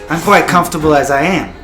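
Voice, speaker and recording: A man voicing a twitchy, erratic barkeeper. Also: a little high. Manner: erratic, shifting speech. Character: odd twitchy male barkeeper, eager host. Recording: echoey room, music behind.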